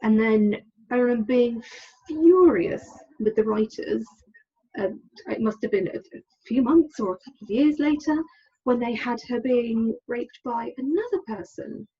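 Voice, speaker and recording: A woman's voice: a little high, a little slow, mellow, breathy edge, dull audio. A woman, a podcast guest telling her personal story candidly and with hesitations. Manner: candid, hesitant, acts out quoted lines.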